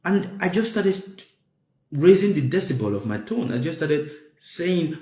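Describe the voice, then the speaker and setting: A man giving a spiritual talk to listeners, emphatic and repeating his phrases, his voice climbing high to stress a point. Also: sing-song, moderate pace, darkish tone. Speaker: spiritual teacher. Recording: roomy echo.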